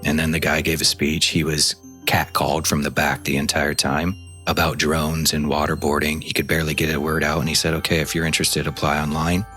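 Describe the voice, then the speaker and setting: A man's voice: very deep voice, monotone, brisk, sharp tone, soft background music. A man from the American Midwest telling his story candidly in an interview, animating it with quoted dialogue. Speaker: former intelligence officer guest.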